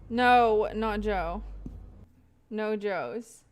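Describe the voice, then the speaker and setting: A woman's voice: mid-range voice, extremely slow. A young woman livestreaming, rambling casually to her chat with frequent laughs. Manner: chatty, rambling, laughs often, talks to chat.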